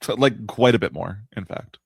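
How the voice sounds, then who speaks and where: Deep-voiced laid-back male podcast co-host. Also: normal speed, gravelly, breathy edge, no room sound, clean studio sound. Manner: laid-back, laughs easily. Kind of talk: casual podcast recap chat.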